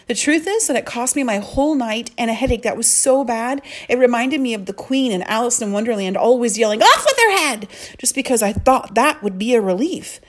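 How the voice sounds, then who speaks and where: A woman reads a children's story aloud in the first person. Her narration is soft and earnest. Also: on the high side, a little fast, few pauses. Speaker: audiobook narrator.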